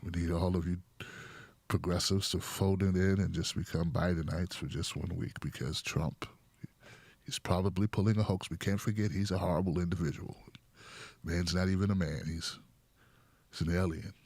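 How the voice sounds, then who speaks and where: A man's voice: deep voice, fairly even intonation, vocal fry, husky, no echo, pitched below the performer's own voice, full character voice. A man voicing a mock-solemn, alarmist male pundit who speaks in a sarcastic, overwrought way. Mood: mock doom. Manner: sarcastic, overwrought, slow and hushed.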